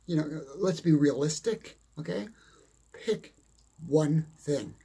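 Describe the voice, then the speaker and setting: A man's voice: a little high, darkish tone. A middle-aged man giving a blunt, emphatic motivational talk, repeating his points and cursing mildly. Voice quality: gravelly, husky. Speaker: motivational speaker. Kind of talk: motivational monologue.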